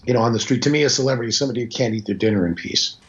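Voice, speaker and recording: Speaking very fast in a mid-range voice, a Canadian voice actor in his sixties chats casually as an interview guest, telling rambling stories at his own expense. The audio is slightly dull and lo-fi, with a little hiss or hum.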